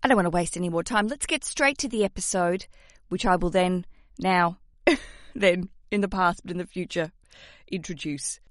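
A woman's voice: lowish voice, moderate pace, no echo, studio quality. A woman hosting a podcast, chatty and self-mocking, rambling through her intro. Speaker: podcast host. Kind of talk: casual podcast chat.

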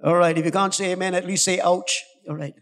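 A man's voice: sits high, steady tone, fast talker. A male pastor preaching a sermon, urging and coaxing his congregation with rising intensity. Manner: urgent, exhorting, rising to shouts, coaxing the congregation. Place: church hall. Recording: long hall reverb.

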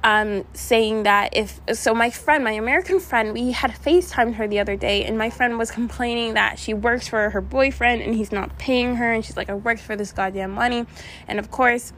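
A woman's voice: fairly high pitch, moderate pace, hardly any pauses, fairly bright tone, slight background noise. A young woman vlogger telling a rambling storytime to her viewers, with many asides and restarts. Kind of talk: casual storytime chat.

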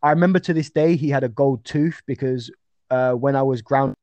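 A man's voice: mid-range voice, brisk, dark tone, no echo. A young man talking casually as an interview guest about his fights, rambling with fillers and restarts.

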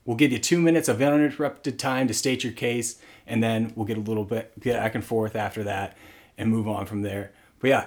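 A young man co-hosting a sports podcast, telling stories in a relaxed, casual chat. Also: mid-range voice. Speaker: podcast co-host.

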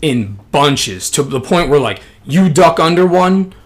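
A young man telling a story in casual chat, slangy and profane, full of fillers and animated. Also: a little high, unhurried.

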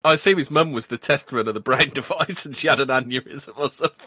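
A man co-hosting a casual podcast, chatty and quick to joke and laugh. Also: medium pitch, sharp tone, breathy edge. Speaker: podcast co-host. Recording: dull dry lo-fi mic.

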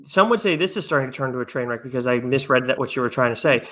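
A man's voice: mid-range voice, animated, very fast, bright, forceful tone. A man co-hosting a podcast in casual chat, talking in long asides that trail off and restart. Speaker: podcast co-host.

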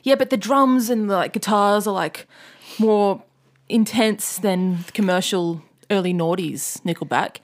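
A woman co-hosting a podcast, chatting in a relaxed, sweary way. She tells a long story, now and then jumping into loud impressions of outraged fans. Her voice sits at an ordinary middle pitch. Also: unhurried. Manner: storytelling, loose and swear-heavy, mimics angry fans in loud outbursts. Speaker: podcast co-host. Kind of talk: casual chat.

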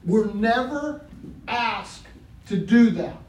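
A man's voice: sits high, expressive, slow, distant mic, muffled recording. Male pastor preaching in an echoey hall. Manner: preaching with congregation call-and-response, building to shouts. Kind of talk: sermon. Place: church sanctuary. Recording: echoey hall, mic from afar, faint noise.

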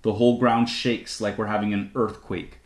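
A man reading an audiobook aloud in an expressive, animated manner. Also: lowish voice, moderate pace. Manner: animated, lively intonation. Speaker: audiobook narrator. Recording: roomy echo.

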